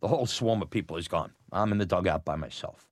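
A man's voice: sits low, quick pace, dry recording, clean studio sound. A man telling a personal story about his youth, candid and conversational, chuckling now and then. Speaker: storyteller, former batboy.

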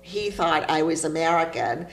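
Lively Cuban-born woman poet. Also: sits low, normal speed, vocal fry, faint music behind, low-quality recording. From Cuba. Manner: animated storytelling, laughs often. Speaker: poet guest. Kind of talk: interview conversation.

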